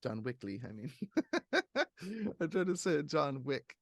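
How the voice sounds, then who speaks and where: An animated man hosting a casual movie-review podcast, rambling along and laughing often. His voice is mid-pitched and sits close and dry on the mic, with no room sound. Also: unhurried, vocal fry, no room sound. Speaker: podcast host.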